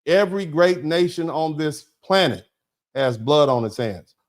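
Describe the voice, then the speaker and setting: A man's voice: fairly high pitch, lively intonation, unhurried. A man hosting a livestream and thanking viewers from the chat. He talks in a rambling, emphatic way, repeating words and restarting sentences, and calls listeners "baby" and "bro.". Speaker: host reading viewer chat.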